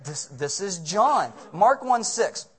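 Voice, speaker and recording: A man preaching a comedic sermon as pastor, animated and full of casual asides and jokes. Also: high voice, slow pace.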